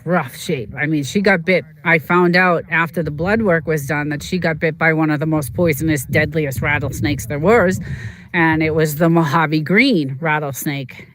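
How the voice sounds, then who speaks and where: Livestream host who chats casually, rambling and halting between fillers. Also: mid-range voice, fairly bright tone. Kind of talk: casual chat while streaming a game.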